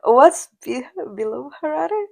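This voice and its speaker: A woman's voice: high voice, sing-song, unhurried, gravelly, dark tone. A young woman from Indonesia co-hosting a podcast in casual chat, supportive, with short agreeing replies. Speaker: podcast co-host.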